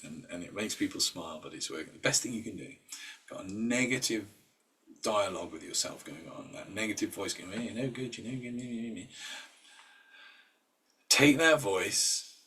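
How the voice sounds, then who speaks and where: A husky man with a fairly low voice leads an informal mindset workshop. He talks with fillers and restarts and slips into quoted inner voices. The mic picks him up from some distance. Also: lively intonation, normal speed, bright, forceful tone. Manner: conversational, with filler words and restarts. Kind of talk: informal talk.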